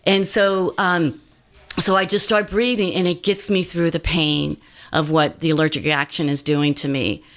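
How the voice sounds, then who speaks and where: Woman guest telling her story, kinda low voice, lots of ums and restarts, earnest. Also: steady tone, moderate pace. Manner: earnest, meandering with many fillers and restarts. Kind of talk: personal storytelling.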